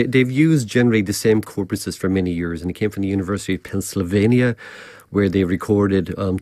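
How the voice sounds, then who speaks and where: A man with an Irish accent, a professor being interviewed on radio, explaining in a measured way with frequent restarts. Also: lowish voice, a little mellow, no echo, studio quality. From Galway, Ireland. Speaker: cybersecurity professor, guest.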